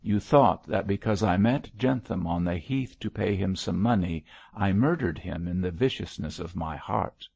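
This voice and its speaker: Brief: man voicing an old bishop, grave and reproachful, gravelly low voice, dull lo-fi sound. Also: normal speed, few pauses, darkish tone, no echo. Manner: solemn, reproachful. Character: elderly male bishop, mild but stern. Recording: dull lo-fi dry recording.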